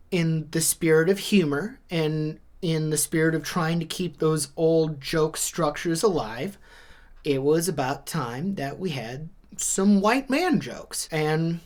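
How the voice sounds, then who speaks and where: A man comedian delivering a scripted comedy monologue with a conversational setup and punchy one-liners. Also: on the high side.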